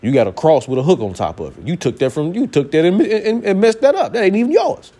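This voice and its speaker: A male pastor delivering a sermon with a lively, swooping delivery that leaps up high on his key lines. He sits a little above the usual male pitch, punches his points with repeated phrases and pointed rhetorical questions, and keeps his speech casual and folksy. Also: fast, breathy edge. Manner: colloquial, folksy preaching.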